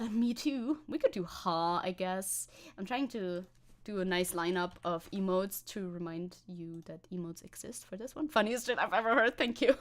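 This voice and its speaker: A woman's voice: medium pitch, moderate pace, a bit bright. A woman streamer chatting casually with her viewers, rambling and laughing often as she types. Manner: rambling, giggly, talks to chat while typing. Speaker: VTuber streamer. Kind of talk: casual live-stream chat.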